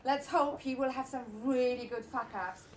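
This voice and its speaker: A woman's voice: sits high, fairly even intonation, normal speed. A woman hosting a live event, introducing the next speaker in a chatty, loose way. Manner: chatty, loose, warm about her partner. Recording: roomy, distant, with faint room noise.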